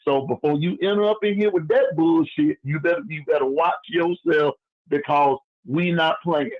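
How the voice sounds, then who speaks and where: A man calling in to a sports show, ranting loudly to fair-weather fans. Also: a little high, moderate pace. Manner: loud, fired-up preaching rant. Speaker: caller and chat moderator. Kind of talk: phone-in rant. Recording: dull lo-fi phone call.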